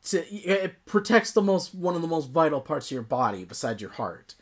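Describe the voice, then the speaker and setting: A man's voice: on the high side, very animated, moderate pace, breathy edge. A man co-hosting a casual movie-review podcast, playful and teasing as he jokes with his co-host.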